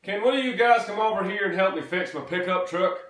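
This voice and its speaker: A man's voice: high-pitched, a little fast, a bit bright, roomy sound, far from the mic, voice pushed up, rough recording. A man voicing a bewildered Texan man with a broken pickup, with a Texan accent. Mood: pleading.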